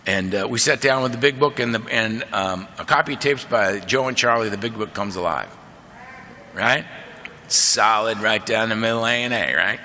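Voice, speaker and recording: A man telling his story from a podium in a big convention hall, his voice bright and edged with a gravelly fry. His delivery is animated and conversational, and a long reverb trails behind his words. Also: on the low side, normal speed, slight background noise. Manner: animated, conversational, drawling asides of "man" and "right?". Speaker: AA convention speaker. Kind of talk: storytelling recovery talk.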